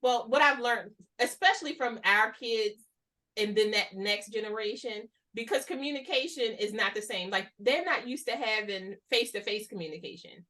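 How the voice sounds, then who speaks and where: A woman hosting a casual conversation, talking in an animated, slangy way and acting out the voices she quotes. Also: fairly high pitch, normal speed. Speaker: host.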